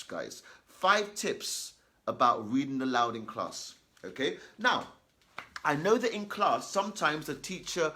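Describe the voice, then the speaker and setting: Bright, animated man coaching children. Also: a little high. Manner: animated, repeats key points, many "okay?" check-ins. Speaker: children's reading and writing coach. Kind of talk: storytime talk to children.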